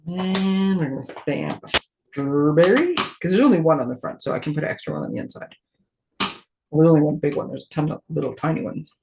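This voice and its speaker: A friendly woman with a deep, creaky voice talks fairly quickly through a casual live crafting demo, walking viewers through each step against a noisy background. Chatty and self-deprecating, she thinks aloud while her hands stay busy and jokes easily about her own clumsiness.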